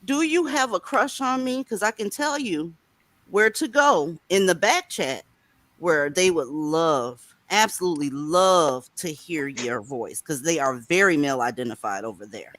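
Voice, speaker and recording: A woman's voice: animated, unhurried, a bit bright, no echo. Brash, mocking woman host. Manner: brash, mocking, with big swings up in pitch. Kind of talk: casual group chat.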